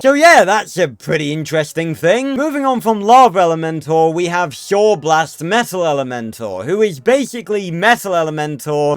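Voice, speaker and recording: A man talking casually to his viewers, chatty and quick with an opinion. His voice is high and smooth, close and dry. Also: no echo. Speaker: video host. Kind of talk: casual video commentary.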